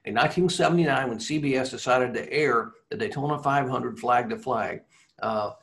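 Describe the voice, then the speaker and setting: A man who was a racing broadcaster, telling rambling, animated anecdotes in a casual interview. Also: medium pitch, moderate pace.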